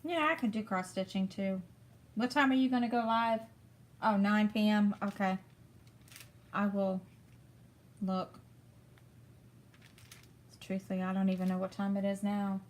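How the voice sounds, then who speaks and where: A middle-aged woman chatting casually with viewers while crafting at home, rambling softly and thinking aloud with lots of fillers. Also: medium pitch, fairly even intonation, unhurried, long pauses. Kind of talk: casual chat while diamond painting.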